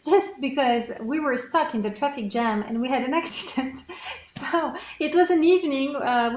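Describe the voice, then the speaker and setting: A young French woman with a high, bright-toned voice tells a story in English with a clear French accent. Her delivery is chatty and expressive, full of little fillers. The sound carries a noticeable echo, as if she is speaking in a bare room. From France. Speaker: French teacher. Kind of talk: casual storytelling. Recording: echoey room.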